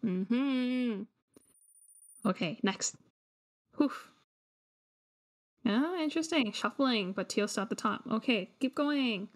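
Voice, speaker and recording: A quiz host and teacher leads a live online lesson with music behind her, bantering with players and switching between Cantonese and English in a Cantonese accent. Her fairly high voice has lively intonation; she takes it slowly and pauses often.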